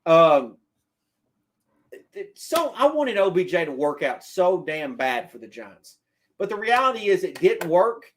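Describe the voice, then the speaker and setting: A man with a notably high-pitched voice delivers football opinions on a live stream. He talks to his chat directly, repeating his points for emphasis and arguing them out loud. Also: sing-song, measured pace, slight background noise. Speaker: sports streamer.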